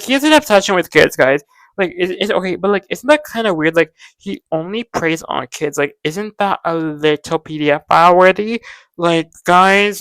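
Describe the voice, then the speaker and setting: A woman's voice: fairly low pitch, a bit bright, dry recording, rough recording. Young female vlogger, dramatic and chatty, many fillers, dead-dry home recording. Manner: gushing, dramatic, full of "like" fillers. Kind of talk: casual chatty pop-culture vlog. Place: home room with ring light. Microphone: close camera mic.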